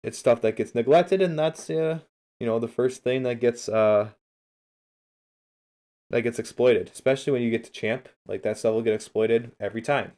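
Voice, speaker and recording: A man's voice: mid-range voice, normal speed, a little mellow. A man casually talking through a game replay on a livestream, chatting straight to his viewers and answering their messages in an upbeat, encouraging way. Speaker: streamer and game coach.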